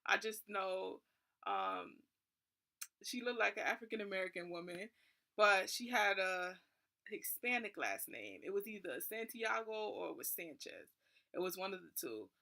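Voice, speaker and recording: A young woman tells a story in a casual vlog with a bright, clear voice. She sounds a little nervous and fills her sentences with "like." She talks at a relaxed, chatty pace. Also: mid-range voice, moderate pace. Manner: nervous, constantly saying "like". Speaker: vlogger.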